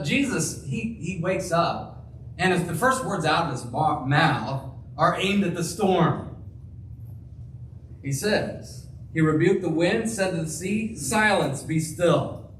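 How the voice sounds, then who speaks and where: A man preaching a sermon as pastor, slow and emphatic, acting out the quoted lines. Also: on the high side, fairly bright tone, a little hiss or hum. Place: church. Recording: roomy, distant church sound with faint ambience.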